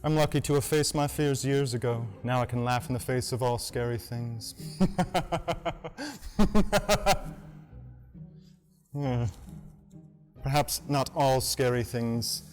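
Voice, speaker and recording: A man's voice: mid-range voice, steady tone, normal speed, a little mellow. A man in a mid-range voice introducing spooky stories. He speaks with playful, theatrical asides. Faint music sits behind him. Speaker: host persona introducing stories. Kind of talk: spooky show hosting.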